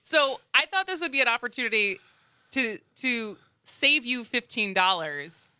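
A radio host chats casually with her co-hosts in a bright voice. Her talk is chatty and full of quick restarts. The sound is dry and close-miked. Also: a little high, expressive, smooth, dry recording. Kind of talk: casual studio chat.

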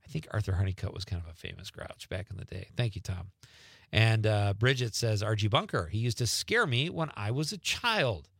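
A man's voice: lowish voice, animated, fairly quick, creaky, fairly bright tone, husky, no room sound, clean studio sound. A middle-aged man, hosting a radio talk show and chatting casually as he reads listener texts aloud. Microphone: studio microphone.

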